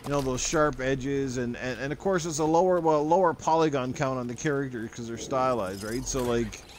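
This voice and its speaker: A man's voice: mid-range voice, moderate pace, slight background noise. Rambling male podcast host. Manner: loose and rambling, full of "like" and "you know". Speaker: podcast host reading stream chat. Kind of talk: casual chat.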